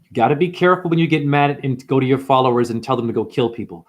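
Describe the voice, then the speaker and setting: In an unscripted monologue to camera, a man acting as spiritual teacher preaches with fierce, profane energy, peppering the viewer with rhetorical questions. His voice sits in the mid range and moves quickly.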